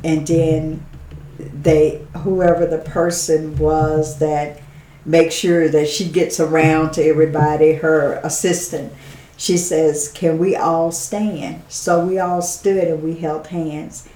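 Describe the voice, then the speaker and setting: A woman, a guest on an interview show, giving a heartfelt personal testimony as an animated storyteller who laughs often and drops to a hush when quoting others. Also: low-pitched, slow pace, roomy sound.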